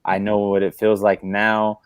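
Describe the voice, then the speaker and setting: A man with a low voice gives heated fan takes on football, stopping often for "uh" and "like." He sounds exasperated and earnest. His voice is dry and close to the mic. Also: monotone, unhurried, smooth, no echo. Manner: earnest, exasperated fan opinions with many fillers. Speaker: podcast co-host. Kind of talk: casual sports talk.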